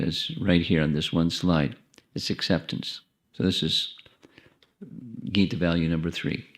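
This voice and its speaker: A deep-voiced man lecturing on spiritual teachings, talking in a loose, conversational way. He often restarts his phrases and turns to the audience with friendly asides. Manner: repeats and restarts phrases while thinking. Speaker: monk giving a spiritual talk.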